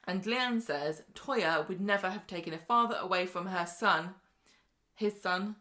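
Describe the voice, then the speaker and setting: Woman podcast co-host, bright and chatty, tells the plot with quick quoted asides. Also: medium pitch. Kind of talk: casual soap-opera recap chat.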